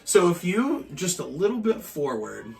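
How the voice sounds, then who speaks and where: Guest spot: bright, forceful man from Maine, animated and foul-mouthed storyteller, sitting back from the mic. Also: mid-range voice, a little slow, far from the mic. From Maine, USA. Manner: animated, profane, acts out quotes. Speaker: guest pro wrestler. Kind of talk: casual storytelling chat.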